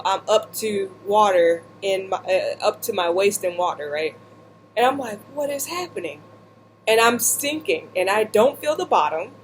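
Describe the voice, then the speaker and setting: A woman vlogger telling a humorous personal story while seated indoors, animated and slipping into voices and asides. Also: mid-range voice, a little hiss or hum.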